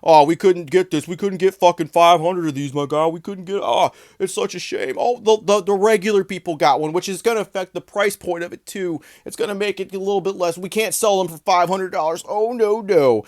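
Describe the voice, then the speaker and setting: A man's voice: sits high, fairly quick, few pauses, a little mellow, voice pushed up, lightly acted. A man mocking a whiny, self-pitying scalper. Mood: mock whining. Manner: mock-whining, sarcastic.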